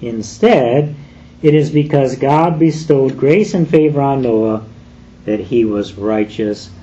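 A man preaching a sermon in a deliberate, emphatic way, leaning on slow, stressed phrases. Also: medium pitch, dark tone, lo-fi sound, slight background noise. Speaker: pastor.

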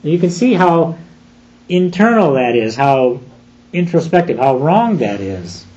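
A man preaching an expository sermon, deliberate and emphatic, slowing down on key phrases. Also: on the high side, big pitch swings, darkish tone, muffled recording.

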